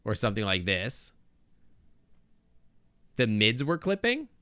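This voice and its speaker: A man's voice: on the low side, wildly swooping pitch, slow, pushed and bright, clear, resonant tone, no echo. A male game streamer chatting casually with his viewers on a close desk microphone, thinking aloud with lots of restarts and asides.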